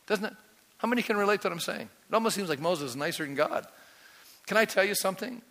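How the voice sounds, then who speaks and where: A male pastor preaching a sermon to his congregation, animated and constantly asking them questions. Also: high voice, fast talker. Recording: long hall reverb.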